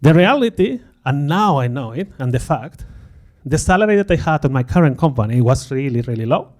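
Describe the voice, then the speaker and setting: A middle-aged conference speaker talks fairly quickly at medium pitch. He relates a personal experience in a self-mocking, animated way, acting out his thoughts as quotations.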